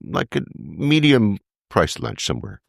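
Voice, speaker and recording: A man hosting a relaxed interview, asking curious questions. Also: low-pitched, unhurried, gravelly, no echo, studio quality. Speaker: host of a travel podcast. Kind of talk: casual interview.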